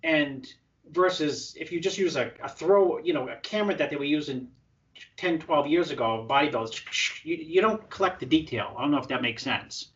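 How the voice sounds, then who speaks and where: Excitable, high-voiced coach telling stories. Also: male voice, moderate pace, far from the mic, highs cut off. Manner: animated, excitable storyteller with restarts. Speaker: prep coach. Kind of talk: casual interview chat.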